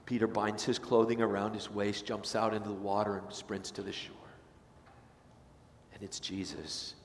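A pastor preaching in an echoing sanctuary. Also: male voice, lowish voice, little pitch movement, normal speed, slight background noise. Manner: casual storytelling, acts out voices. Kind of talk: sermon. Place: church sanctuary. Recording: echoey sanctuary, long reverb.

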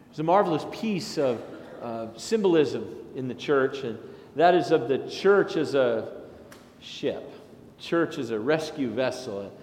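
Pastor guy giving a sermon, chatty with lively asides, big roomy church sound, faint room hum behind. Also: mid-range voice, measured pace. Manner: conversational and anecdotal, with animated asides. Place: large church sanctuary. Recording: echoey sanctuary with long reverb.

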